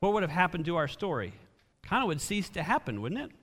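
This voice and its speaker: High-voiced preacher in an echoing hall. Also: male voice, very animated, quick pace, fairly bright tone. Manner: conversational, with many rhetorical questions. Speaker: pastor. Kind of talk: sermon.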